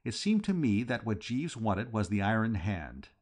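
A man reading a comic novel aloud in a wry, lively first-person narration. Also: lowish voice, moderate pace. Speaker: audiobook reader.

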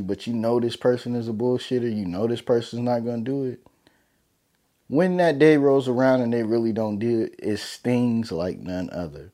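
Mellow-voiced man giving heartfelt advice. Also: medium pitch, a little fast. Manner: loose, heartfelt, slangy, many fillers like "man". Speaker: vlogger. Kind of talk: casual motivational talk to camera.

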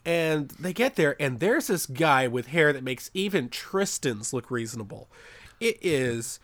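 A man's voice: a little high, big pitch swings, unhurried, fairly bright tone, no room sound. A young man hosting a podcast, rambling and sarcastic with casual swearing. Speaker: podcast host. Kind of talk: casual chat.

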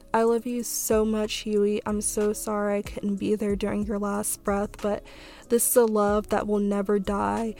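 Flat-voiced young woman. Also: mid-range voice. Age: young adult. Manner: soft, tearful, halting with fillers. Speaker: podcast host. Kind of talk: reading a letter and a poem, then casual talk.

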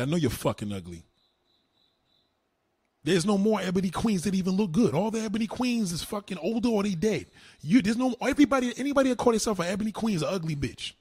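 A man ranting on a livestream, answering his chat in a loud, combative, mocking way. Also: high-pitched, husky, no room sound. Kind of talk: live-stream rant.

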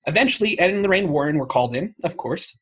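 A man's voice: a little high, lively intonation, quick pace, slightly rough. A man co-hosting a casual chat show, telling a story in a wry way, swearing freely and laughing at himself. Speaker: podcast co-host.

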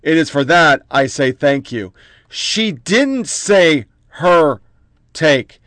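A man's voice: fairly high pitch, expressive, slow pace, fairly bright tone, no room sound. A man hosting a political commentary show, reading out headlines in short clipped bursts with profane, mocking asides.

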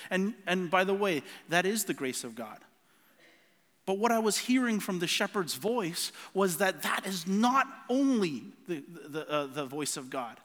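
A man's voice: high voice, sing-song, measured pace, fairly bright tone, in a large hall. A man preaching a sermon, telling a personal story earnestly with many restarts and repeated words.

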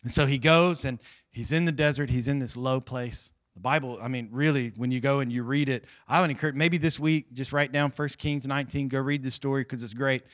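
Bright-voiced animated male preacher. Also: fairly quick. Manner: animated storytelling preacher, swings from loud emphatic to low and quiet. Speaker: pastor. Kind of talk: sermon. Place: church hall with live audience.

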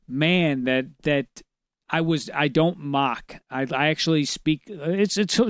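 A man hosting a podcast in casual chat, excitable, rambling and profane. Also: on the high side, clear, resonant tone, no echo, clean studio sound. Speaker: podcast host.

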